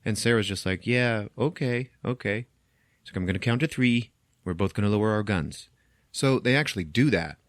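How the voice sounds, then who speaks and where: Speaking fast and with plenty of animation, this male podcast host runs through a film's story in a casual recap, voicing the characters and laughing a lot. His voice is lowish, and the studio-quality audio has no room sound.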